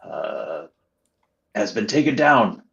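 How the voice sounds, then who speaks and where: A man playing in a casual tabletop game, speaking haltingly with many fillers, heard through a dull lo-fi mic. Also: lowish voice, sing-song, creaky, a bit bright. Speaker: player.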